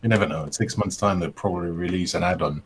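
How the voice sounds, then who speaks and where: A man's voice: low voice, fast, background noise. A man joining a casual hobby chat as a guest, speaking hesitantly with many ums and restarts.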